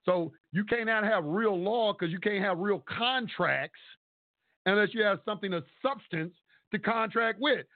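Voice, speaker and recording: A man's voice: high voice, unhurried, no echo. A man calling in to a talk show, ranting in a profane, rambling, emphatic way over a phone line. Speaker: caller. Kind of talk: casual call-in rant. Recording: tinny phone line, dry.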